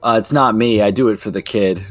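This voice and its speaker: A man's voice: on the low side, fairly quick, no room sound, faint music behind. A man playing a tabletop game who questions another character bluntly, in character. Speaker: player.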